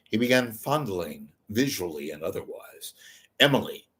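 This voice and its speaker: A man's voice: on the low side, big pitch swings, normal speed, fairly bright tone. A man putting on the voice of an older male news anchor, reporting with solemn newscaster delivery as a comic impression. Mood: mock-reporting.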